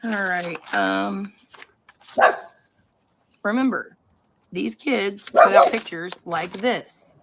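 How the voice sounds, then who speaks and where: A woman's voice: mid-range voice, very slow, gravelly, long pauses, heavy background noise. A woman hosting a live stream, talking to her chat in a rambling, conspiratorial way and often interrupting herself. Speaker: livestream host.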